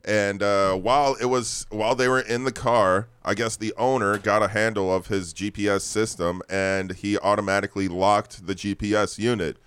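A man's voice: fairly low pitch, steady tone, normal speed, few pauses, a bit bright, clear, resonant tone, no echo. A man hosting a comedy podcast, rambling through a news story with lots of fillers and laughs. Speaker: podcast host. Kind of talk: casual comedy podcast chat.

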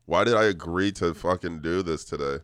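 A man's voice: low voice, a little fast, a bit bright, clean tone, dry recording. A hungover young man co-hosting a casual podcast, talking in a groggy, mumbling way and swearing often. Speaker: podcast co-host. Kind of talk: casual chat.

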